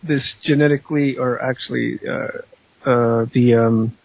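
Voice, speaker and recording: A man guest on a casual radio talk show, halting and searching for his words. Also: mid-range voice, steady tone, gravelly, no room sound. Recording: dull lo-fi internet radio audio.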